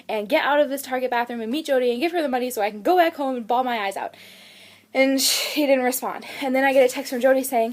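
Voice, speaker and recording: A woman's voice: high voice, fast talker. A young woman in her twenties telling a personal story on her vlog, acting out her own panicked quotes as she goes. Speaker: vlogger.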